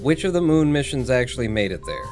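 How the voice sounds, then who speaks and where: A man's voice: mid-range voice, animated, quick pace, music in the background. A man live-streaming a space game, thinking aloud, reading chat and swearing casually.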